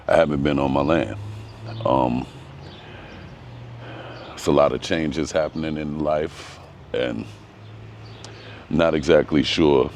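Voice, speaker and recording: A man's voice: very deep voice, darkish tone, slight background noise. A man giving a casual vlog walk-through of his home garden outdoors, talking in a hesitant, rambling way with frequent ums. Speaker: gardening vlogger.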